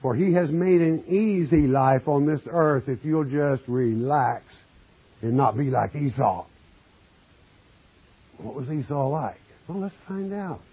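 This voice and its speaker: In a dull lo-fi recording, a preacher with an expressive, husky, slightly high voice reads from the Bible and explains it slowly and with emphasis. He poses folksy questions to his congregation, drops homey asides and addresses them as friend.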